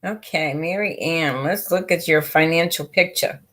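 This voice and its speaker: A woman's voice: low-pitched, normal speed, fairly bright tone. Upbeat woman giving a tarot reading. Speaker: tarot reader. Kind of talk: live-stream tarot reading.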